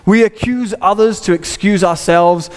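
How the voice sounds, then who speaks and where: A man putting on the voice of a stern older Victorian male preacher, slow and solemn. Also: high-pitched, natural voice. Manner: slow, solemn, old-fashioned preaching delivery. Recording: long reverb of a large hall.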